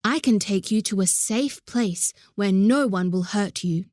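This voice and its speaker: A woman voicing a calm, kind man. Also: mid-range voice, measured pace, no echo, clean studio sound, close to an everyday voice. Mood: reassuring. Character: kind grown man offering help.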